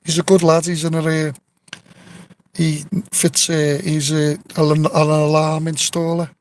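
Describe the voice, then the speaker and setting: A man's voice: fairly high pitch, monotone, a little slow, darkish tone, rough recording. Chatty man rambling on a phone live stream. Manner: rambling storyteller, swears freely, many restarts. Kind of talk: casual live-stream chat. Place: outdoors near an old tree.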